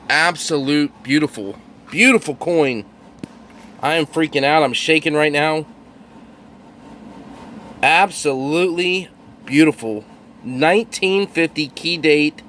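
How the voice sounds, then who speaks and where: A man's voice: a little high, fairly bright tone, a little hiss or hum. A man narrating his coin roll hunt with thrilled exclamations to his viewers. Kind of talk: excited hobby video narration.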